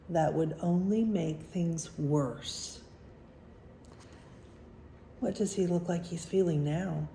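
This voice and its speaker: A woman reading a picture book aloud to children, gently asking them questions about the pictures. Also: mid-range voice, big pitch swings, slow pace, long pauses, a little hiss or hum. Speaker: storybook reader for children. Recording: roomy echo.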